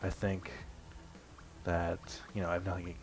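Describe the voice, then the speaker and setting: A young man casually commenting while playing a video game, rambling and self-deprecating, swearing now and then and often clearing his throat. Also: sits low, completely flat delivery, normal speed, soft background music. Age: young adult. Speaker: let's play host.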